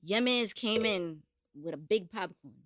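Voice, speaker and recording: A woman's voice: medium pitch, animated, a little slow, fairly bright tone, dry recording, studio quality. A young woman co-hosting a podcast, laughing a lot and reenacting moments in casual chat. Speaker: podcast co-host.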